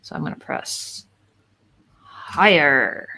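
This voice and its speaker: A woman's voice: deep voice, lively intonation, drawn-out words, pushed and bright. A woman playing a board game over a video call, rambling playfully with lots of fillers. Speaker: game player on a live stream.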